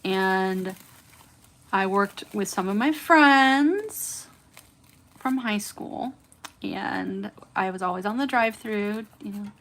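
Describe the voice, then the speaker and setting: Speaking slowly in a mid-range, fairly bright voice, a thirtysomething woman hosts a nail-art livestream. Her California accent carries a faint Southern lilt, and she smiles and chats casually with viewers as she does nails.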